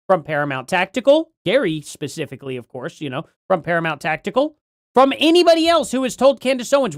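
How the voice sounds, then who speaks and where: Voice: mid-range voice, dry recording, clean studio sound. A streamer giving live commentary on a debate, rambling and jokey, then getting heated in rants.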